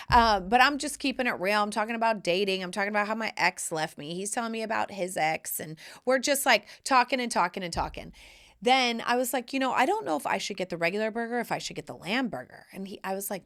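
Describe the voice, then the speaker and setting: A woman hosting a podcast, telling a personal story casually and acting out the quoted lines with big jumps in her voice. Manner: animated, acts out quotes with big pitch jumps. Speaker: podcast host.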